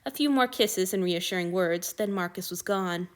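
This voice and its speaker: A woman narrating an audiobook reading of fan fiction in a steady storytelling manner. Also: lowish voice, moderate pace.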